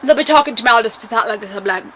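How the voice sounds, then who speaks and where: A woman's voice: fairly high pitch, very fast, a bit bright, a little hiss or hum, rough recording. A young woman vlogging to camera in a bubbly, rambling, playful way. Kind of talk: casual chat to camera.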